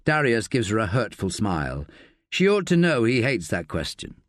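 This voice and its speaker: Expressive male audiobook narrator. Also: on the low side, normal speed, no room sound, clean studio sound. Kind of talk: scripted narration.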